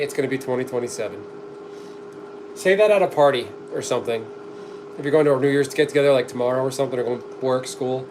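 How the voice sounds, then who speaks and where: Dry-joking man streaming from his kitchen. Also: medium pitch. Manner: dry, joking, talks to the camera while working, coughs often. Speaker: streamer cooking on camera. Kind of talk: casual live-stream chat reading comments. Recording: clear background noise behind the voice.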